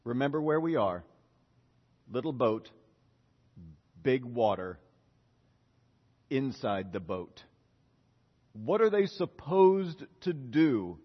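A middle-aged man preaching a lively sermon, quizzing the congregation and acting out prayers. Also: mid-range voice, slow, long pauses, slightly rough. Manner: animated, questions the congregation, acts out prayers. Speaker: pastor. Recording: dull reverberant hall.

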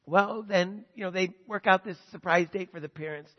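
A man preaching a sermon, retelling a story with animated emphasis before pressing his points home. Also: high-pitched, moderate pace, gravelly, slightly rough. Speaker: pastor. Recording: dull sound, long hall reverb.

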